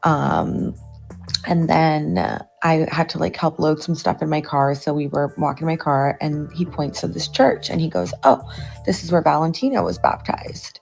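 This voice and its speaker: A young woman venting a personal story to camera, agitated and swearing, her voice getting louder in bursts. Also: low-pitched, flat delivery, a little slow, vocal fry, faint music behind. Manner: agitated, swearing, rising to loud outbursts. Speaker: TikTok storyteller.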